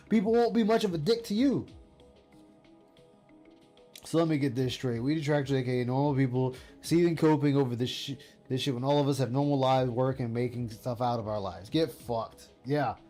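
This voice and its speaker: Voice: mid-range voice, a little mellow. Profane, scornful commentary ranter. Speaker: commentary streamer. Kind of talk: angry reaction rant.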